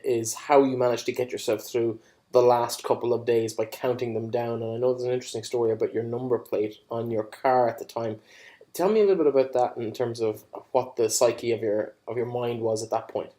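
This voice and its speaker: A man's voice: mid-range voice, steady tone, brisk, dark tone. A man hosting a podcast, asking questions with friendly, encouraging prompts. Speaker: podcast host. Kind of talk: interview questions.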